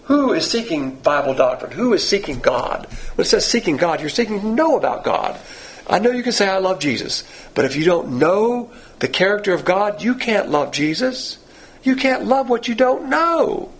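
A Southern-accented male pastor teaching a Bible class, with a gravelly, husky, hoarse edge to his voice. He talks in a blunt, folksy, self-deprecating way, and his pitch swings up and down a lot. His voice sits a little higher than most men's. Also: sing-song, moderate pace. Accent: Southern American. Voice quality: hoarse at times. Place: church classroom.

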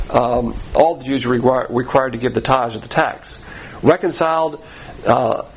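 A man's voice: medium pitch, husky, rough recording. A man teaching through a Bible passage verse by verse, talking conversationally and often repeating himself while he finds his words. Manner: conversational, repeats words and restarts, spells out terms.

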